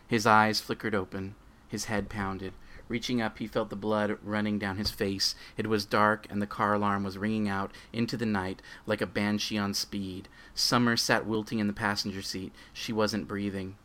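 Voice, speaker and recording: Man, podcast host, low voice, casual chat, story reading. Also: steady tone, normal speed, bright, forceful tone.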